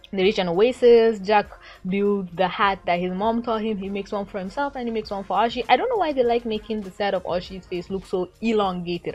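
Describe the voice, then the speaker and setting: Young woman, excitable fan review, medium pitch, faint music behind. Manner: excitable, gushing, acts out quotes. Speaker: episode reviewer. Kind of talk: casual cartoon episode review.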